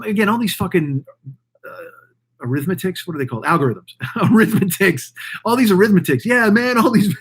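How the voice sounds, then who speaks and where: A man hosting his own show, ranting in a profane, rambling, mocking way. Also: on the high side. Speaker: podcast host. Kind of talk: casual ranting monologue.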